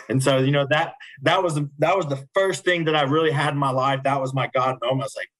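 A man's voice: medium pitch, fairly quick, fairly bright tone, low-quality recording. Earnest young man telling a story. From United States. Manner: earnest, repeats and restarts words. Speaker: guest, special education teacher. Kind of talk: casual storytelling interview.

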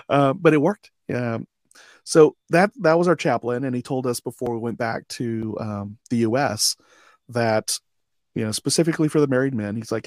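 Dry-voiced man telling animated stories. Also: medium pitch, a little fast, dry recording. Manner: animated anecdote-telling, acts out dialogue, chuckles often. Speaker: podcast guest, army veteran. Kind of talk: storytelling interview.

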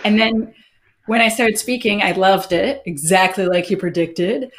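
Animated woman telling stories in an interview. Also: a little slow, a little hiss or hum. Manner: animated storyteller, acts out quoted exchanges with big pitch jumps and laughs. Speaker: guest. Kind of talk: casual interview chat.

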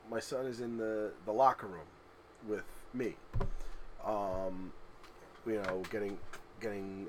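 A man in his thirties co-hosting a podcast, telling animated family stories in casual chat and laughing loudly at them. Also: lowish voice, a little hiss or hum. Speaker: podcast co-host.

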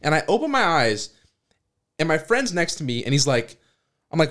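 A man's voice: on the high side, sing-song, moderate pace, pauses often, fairly bright tone. A young man hosting a podcast, telling a road trip story in a casual, laughing way. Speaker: podcast host.

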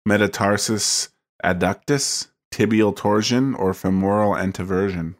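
A man co-hosting a casual chat about a movie, with a smooth radio-style delivery. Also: on the low side, steady tone, unhurried. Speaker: podcast co-host.

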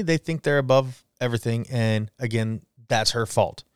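A man in his forties hosts a solo podcast, ranting bluntly and swearing freely in a casual tone. His mid-range voice is clear and resonant at a moderate pace, and the recording is dry with clean studio sound.

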